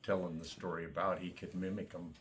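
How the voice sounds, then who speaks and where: A man reminiscing about his father in casual family talk, halting and chuckling as he goes. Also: sits low, level tone, a little hiss or hum.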